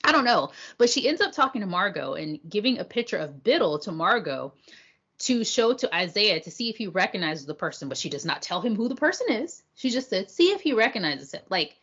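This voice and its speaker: A woman's voice: mid-range voice, sing-song, a little fast, fairly bright tone, breathy edge, muffled recording. A woman co-hosting a podcast, recapping scenes in casual review chat with blunt, slangy, playful remarks. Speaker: podcast co-host.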